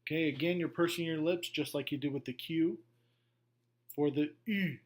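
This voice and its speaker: A middle-aged man teaching a beginner language lesson, going slowly through a worksheet, patient and repetitive with frequent okays. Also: on the high side. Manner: slow, patient, repeats himself with many okays. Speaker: French teacher. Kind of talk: classroom lesson walkthrough.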